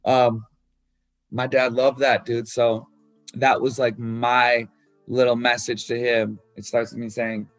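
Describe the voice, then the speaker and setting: A man's voice: medium pitch, little pitch movement, takes it slowly, dry recording, soft background music. A man talking about writing his album, loose and candid, swearing freely and full of fillers. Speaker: musician discussing his album. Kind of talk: casual talk about songwriting.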